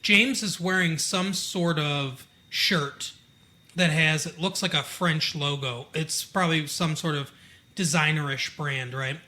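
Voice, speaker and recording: Guy from michigan rambling through a tv recap, bright kinda high voice. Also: unhurried. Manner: chatty, digressive, many fillers. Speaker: podcast co-host. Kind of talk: casual chat recapping a TV episode.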